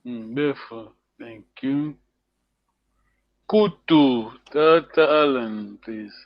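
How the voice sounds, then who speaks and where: Over a video call, a man gives a language lesson, patient and encouraging and laughing often. His voice sits at a medium pitch and moves very slowly. The audio is dull and lo-fi, typical of a video call.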